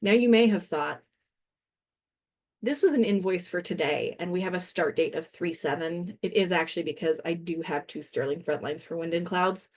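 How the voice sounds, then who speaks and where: A woman trainer walking through a software demo in a webinar, chatty and self-deprecating, laughing now and then and a little winded. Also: on the low side, moderate pace.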